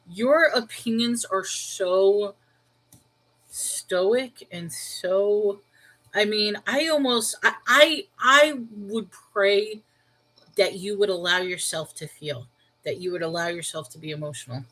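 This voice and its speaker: A woman's voice: medium pitch, slow pace, rough recording. Woman, New York accent, livestream host; casual and conversational, reacting to viewer comments as she goes. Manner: talks things through out loud, reacting to viewer comments. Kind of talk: casual live-chat reply.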